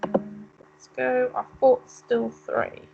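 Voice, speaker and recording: A woman talking her way through a video game, reading on-screen text and musing on it. Her voice sits a touch high. A faint noise hangs in the background. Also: little pitch movement, slow pace, vocal fry, a little mellow, muffled recording. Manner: chatty, muses aloud while reading game text. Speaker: let's play co-host. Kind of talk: casual gaming commentary.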